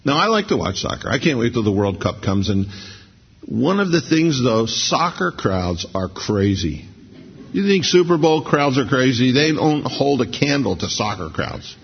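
A middle-aged man preaches in a loose, conversational way, drawing slowly on scripture. His voice is gravelly and a little husky. The recording sounds muffled and lo-fi. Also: medium pitch, sing-song. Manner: conversational, anecdotal, slows down for scripture reading. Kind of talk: sermon. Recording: dull lo-fi sermon recording.

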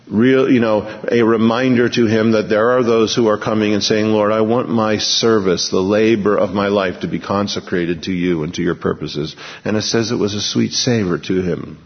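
Man pastor, lowish voice, reads scripture then explains it, repeats stuff for emphasis, muffled old tape in a big echoey hall. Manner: emphatic, repeats key phrases. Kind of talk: expository sermon. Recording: lo-fi recording in a large reverberant hall.

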